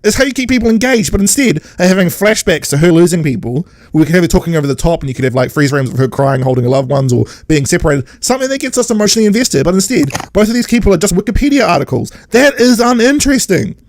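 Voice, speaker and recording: A man's voice: sits high, animated, quick pace, hardly any pauses, darkish tone, dry recording. A man, co-hosting a podcast and recapping an episode in casual, sarcastic chat with mocking quoted voices. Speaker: podcast co-host.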